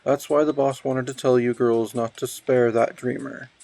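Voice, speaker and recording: A man voicing an unrepentant jailed bootlegger, reading the lines out flatly in his own voice. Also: medium pitch, normal speed, natural voice. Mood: smug.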